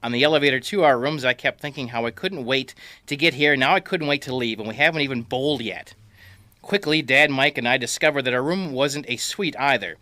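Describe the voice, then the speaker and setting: A man reads out a comic tale from his own life with a wry, deadpan delivery. His voice is bright and sharp at a middle pitch. The sound is close and dry. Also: fairly quick, dry recording. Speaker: storyteller. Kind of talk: reading a comic personal story.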